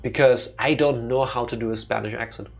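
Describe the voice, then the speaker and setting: A man's voice: medium pitch, fairly even intonation, brisk, gravelly. A young man streaming a let's play, joking wryly and rambling with frequent restarts. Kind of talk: casual gameplay commentary.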